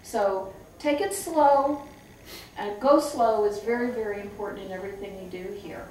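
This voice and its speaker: A middle-aged woman who trains staff at a memory care home, telling lively stories and acting out the voices of people she quotes. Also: medium pitch, moderate pace, a little hiss or hum. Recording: echoey room, far from the mic.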